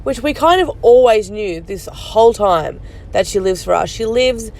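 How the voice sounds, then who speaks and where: A woman's voice: mid-range voice, animated, moderate pace, a little mellow, a little hiss or hum. Snarky woman mocking a streamer. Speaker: commentary podcast host. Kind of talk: mocking reaction commentary.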